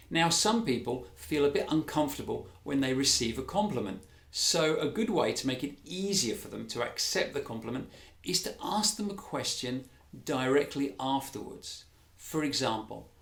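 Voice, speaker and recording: Male English teacher, careful and clear delivery, mid pitch, echoey room. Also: expressive. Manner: clear, slow, careful delivery with stressed words. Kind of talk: English lesson to camera. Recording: roomy echo.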